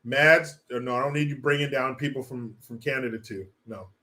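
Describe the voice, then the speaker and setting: A man's voice: mid-range voice, brisk, pushed and bright. A man hosting a casual livestream, reading chat and ranting with lots of profanity and laughter. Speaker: live stream host.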